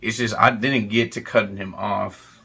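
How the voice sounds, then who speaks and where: A man with a lowish, gravelly, bright-edged voice talks earnestly in a casual chat. He sounds apologetic as he explains himself. He rambles, filling gaps with "like" and "you know". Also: steady tone, normal speed. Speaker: co-host.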